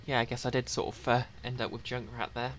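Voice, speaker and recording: A man's voice: medium pitch, level tone, fast talker, a bit bright, poor audio. Casual, wry male streamer reading game text aloud over background noise.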